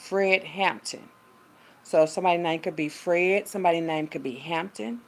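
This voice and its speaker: A woman's voice: lowish voice, moderate pace. A woman talking casually and rambling to her viewers, reading aloud. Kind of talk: casual monologue.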